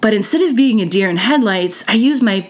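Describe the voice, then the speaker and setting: With a slight hiss or hum behind her, a female podcast host recounts a school story in an animated, brisk, medium-pitched voice. Her monologue is chatty and packed with "like" and "you know," and she acts out what other people said.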